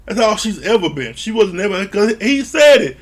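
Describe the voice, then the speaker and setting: A man's voice: high voice, big pitch swings, normal speed. A man recapping a reality show in a casual, blunt and profane way, sounding exasperated. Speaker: show reviewer.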